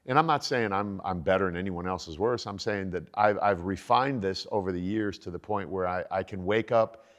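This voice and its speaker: This is a man in his sixties with a fairly low voice, talking about fitness on a podcast. He sounds energetic and motivational, and the recording has a long, hall-like reverb. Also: a little fast. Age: 60s. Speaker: podcast guest, fitness coach. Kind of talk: casual podcast conversation.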